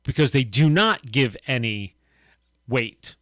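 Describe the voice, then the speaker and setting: A man's voice: mid-range voice, slow pace, no echo. A middle-aged man co-hosting a casual Christian talk show, telling stories and acting out quotes. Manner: animated storyteller, acts out quotes. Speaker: co-host of a Christian talk podcast. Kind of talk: casual faith discussion.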